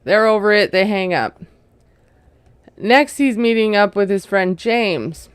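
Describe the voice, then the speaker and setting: Smooth-voiced woman chatting through a recap. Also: mid-range voice, animated, unhurried, no room sound. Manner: chatty, retelling scenes with lots of "like" and "you know"; amused, laughing at what she retells. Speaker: reality TV recap vlogger. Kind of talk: casual recap commentary.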